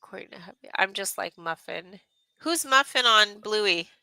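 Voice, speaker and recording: A woman's voice: medium pitch, expressive, moderate pace, bright, forceful tone, clean tone, dry recording, poor audio. A woman in her thirties hosting a casual craft livestream, chatting in a rambling way and reading viewer comments aloud.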